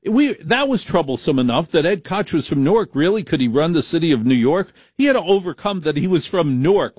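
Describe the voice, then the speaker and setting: A middle-aged man from the Northeast hosts a late-night call-in radio show in a fairly high voice. He talks bluntly and sarcastically and flares up quickly at callers. The studio sound is dry and close. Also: very animated, darkish tone, breathy edge, no echo.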